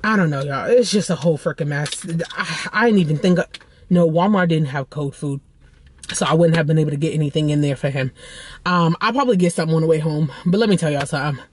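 A woman's voice: low voice, quick pace, darkish tone, husky. A woman vlogging casually from her car into a phone, chatty and rambling, calling her viewers y'all. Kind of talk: casual vlog chat.

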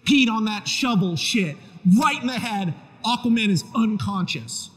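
A man casually pitching a story out loud, excitable and profane. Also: measured pace, slightly rough, in a large hall.

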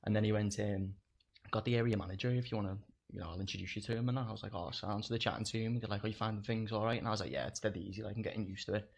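A man's voice: lowish voice, fairly even intonation, racing, gravelly. A young man, telling stories in casual chat, swearing a lot and laughing through them. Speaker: guest comedian.

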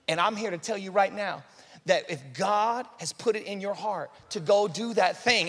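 Fervent high-voiced man preaching in a church hall. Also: moderate pace, fairly bright tone, breathy edge. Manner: fervent, exhorting, conversational preaching with rising emphasis. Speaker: pastor. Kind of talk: sermon. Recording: live sermon in a reverberant church hall.

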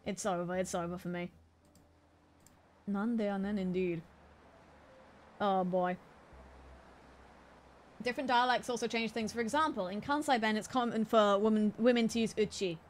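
A woman's voice: mid-range voice, moderate pace, long pauses, slight background noise. A woman streamer chatting casually over a game, playful and giggly as she sounds out Japanese words.

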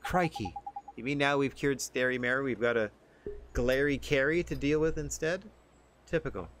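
A man's voice: medium pitch, moderate pace, a bit bright, lightly acted. A man voicing a brash, cheeky male fairy sidekick, reading game dialogue aloud. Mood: exasperated.

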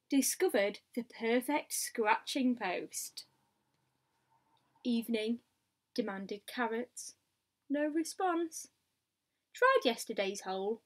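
A woman reading a picture book aloud, in a steady diary style with asides to the listener. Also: fairly high pitch. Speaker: storybook reader.

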